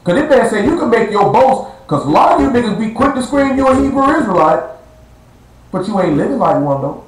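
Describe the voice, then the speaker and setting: A high-pitched man preaches in a blunt, slang-heavy street style, drawing out words to hammer a point home. His voice bounces around an echoey room on a live stream. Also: big pitch swings, fairly quick.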